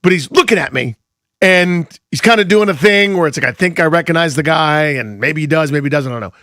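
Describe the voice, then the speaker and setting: A man's voice: on the high side, lively intonation, fairly quick, bright, forceful tone, no echo, clean studio sound. A man co-hosting a radio show, telling a story in casual chat and acting out both sides of the conversation. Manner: storytelling, self-deprecating, acts out dialogue. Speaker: radio co-host. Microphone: studio microphone.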